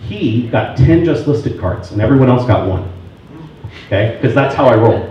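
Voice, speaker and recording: This is a real estate sales talk in which a man tells anecdotes and voices each side of phone calls. He speaks at normal speed with a medium pitch, animated delivery and a warm tone. Captured in a meeting room, the sound is heavily reverberant, far off, muffled and dull, with slight background noise.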